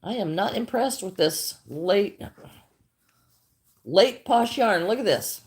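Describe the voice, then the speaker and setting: A woman's voice: medium pitch, animated, slow. Older woman chatting on a craft livestream. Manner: chatty, greets viewers by name, repeats herself. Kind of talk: casual livestream chat while crocheting.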